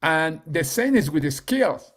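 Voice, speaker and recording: A man giving a casual team training talk on a video call, halting, with many fillers and restarts. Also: fairly high pitch, sing-song. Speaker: team leader and coach.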